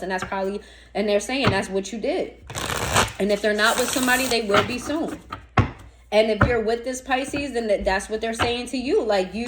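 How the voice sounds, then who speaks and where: A woman's voice: on the high side, very noisy. A woman giving a casual tarot reading, blunt and profane, full of slang and rhetorical questions aimed straight at the listener. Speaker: tarot reader.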